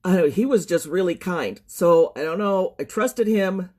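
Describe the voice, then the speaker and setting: A woman speaks straight to her viewers, telling a painful story from her own life. She is shaken and struggles to stay composed. She pauses often and fills the gaps with ums. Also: on the low side, darkish tone. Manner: shaken, trying to keep composure, many ums. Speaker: social media storyteller. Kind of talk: emotional personal testimony to viewers.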